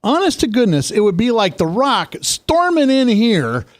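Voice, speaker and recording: Animated man telling sports stories. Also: dry recording. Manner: animated storytelling, quick pitch jumps. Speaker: co-host. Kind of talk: casual political chat.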